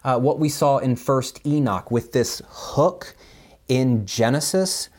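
A man preaching a sermon, reading scripture with lively voiced speeches and chatty asides full of fillers. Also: slow pace. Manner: animated, voices biblical speakers with pitch jumps. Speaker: pastor.

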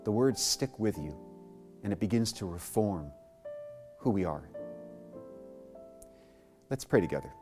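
Man, pastor, sermon, low voice, animated delivery, soft music underneath. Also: a little slow, long pauses. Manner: animated, voices quoted characters with big pitch jumps.

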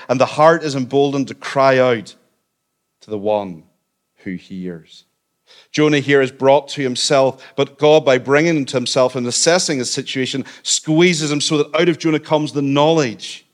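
Earnest, conversational man preaching. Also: medium pitch. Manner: earnest and conversational, with asides of gentle humor. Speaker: pastor. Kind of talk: sermon.

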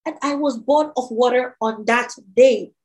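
A woman's voice: a little high, unhurried, darkish tone, low-quality recording. A young woman preaching and sharing her testimony in an earnest, emphatic way, often repeating her phrases. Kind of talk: testimony sermon.

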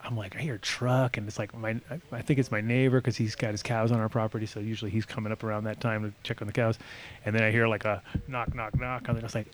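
Middle-aged male co-host, casual, animated storyteller who swears freely. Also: lowish voice, fast talker. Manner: animated storyteller, swears a lot, acts out quoted voices loudly. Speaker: podcast co-host. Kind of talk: casual chat.

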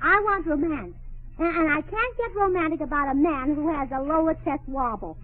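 A woman's voice: sits high, moderate pace, heavy background noise, close to an everyday voice. A woman playing a scatterbrained, cheerful wife, bubbly and illogical, in 1940s radio sitcom acting. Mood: teasing. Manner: bubbly, illogical, sing-song. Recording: tinny old radio broadcast.

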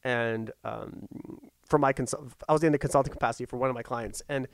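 A man's voice: medium pitch, steady tone, fairly quick, vocal fry, no echo. A man working as a safety consultant, telling a story in casual chat, rambling with lots of restarts and fillers.

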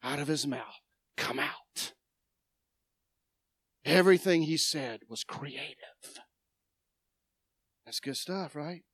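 Woman preacher, sermon, dramatic swings loud and soft, slow, dry. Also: deep voice, breathy edge, dry recording. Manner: dramatic, swings from loud declaring to quiet asides. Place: church sanctuary.

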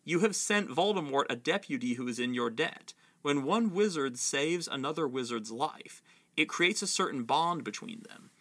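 A man voicing a wise old wizard headmaster, reading his lines gravely from a novel. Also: fairly high pitch, animated, moderate pace, fairly bright tone. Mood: gentle.

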